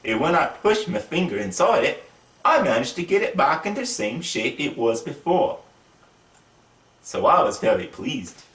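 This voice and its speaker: A man's voice: on the high side, normal speed, recorded from a distance. Guy reading a kids' book in a put-on british accent, voice bouncing up and down, echoey room, sits back from the mic. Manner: lively, voices the characters. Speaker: reader of a children's book. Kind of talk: storybook read-aloud.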